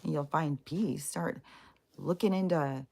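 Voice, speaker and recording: A woman with a low voice tells a loose, rambling story to her viewers, blunt and heavy with swearing. Her voice has a gravelly fry running through it. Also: a little slow, a little mellow. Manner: profane, blunt and exasperated; rambling with many fillers and restarts. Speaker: spiritual vlogger.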